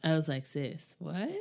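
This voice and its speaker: A woman's voice: deep voice, vocal fry. A pregnant woman co-hosting a podcast with her sister, talking casually and rambling with frequent laughs. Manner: chatty, rambling, laughs often. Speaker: podcast co-host.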